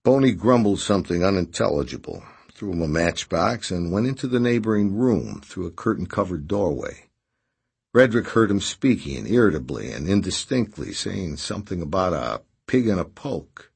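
Deep, husky male narrator. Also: expressive, normal speed, a little mellow. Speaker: audiobook narrator. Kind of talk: scripted narration.

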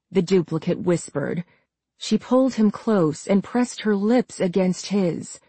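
A woman reading a suspense novel aloud in a measured, even storytelling manner. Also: mid-range voice, husky, no room sound. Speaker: narrator. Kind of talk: scripted audiobook narration.

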